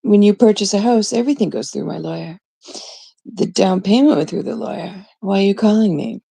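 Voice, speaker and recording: A woman's voice: mid-range voice, gravelly, mellow, slightly rough, dry recording. A middle-aged woman from Canada hosting a livestream, telling a story to her chat in a blunt way and swearing freely. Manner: blunt, swears freely, quotes others in quick asides. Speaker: livestream host. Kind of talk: casual storytelling to a live chat.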